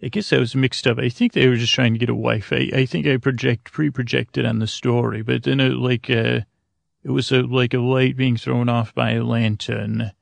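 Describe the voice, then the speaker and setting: A man's voice: medium pitch, steady tone, moderate pace, vocal fry, no echo. A man improvising a bedtime story, rambling with many fillers and self-corrections.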